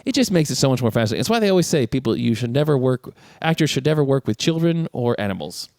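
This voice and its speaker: Male co-host, casual film chat, very expressive pitch, dry booth sound. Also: fast, no echo. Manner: animated, laughs often while retelling scenes. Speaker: podcast co-host.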